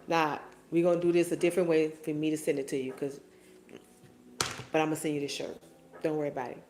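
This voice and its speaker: A woman's voice: low-pitched, little pitch movement, quick pace, a little mellow. A woman in her forties hosting a casual live stream, reading viewer comments and answering them in a playful, teasing and profane way. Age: 40s.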